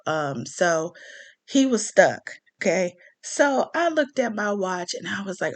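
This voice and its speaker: A woman's voice: medium pitch, animated, unhurried, fairly bright tone. A woman hosting her own commentary channel, talking casually in a ranting monologue and checking in with the listener with "okay?" and "you know?".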